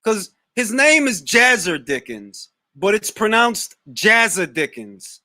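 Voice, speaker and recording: Young male talk-show host, bright tense voice, dry close sound, loose slangy delivery with restarts. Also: high-pitched, takes it slowly, no room sound. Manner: animated, slangy, repeats words when starting a thought. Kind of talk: casual live Q&A chat.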